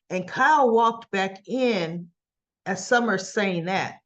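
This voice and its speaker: A woman's voice: mid-range voice, takes it slowly, muffled recording. A woman hosting a soap opera recap, telling the episode in a chatty storytelling way. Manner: chatty, storytelling with "and so she goes". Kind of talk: casual retelling of soap episode.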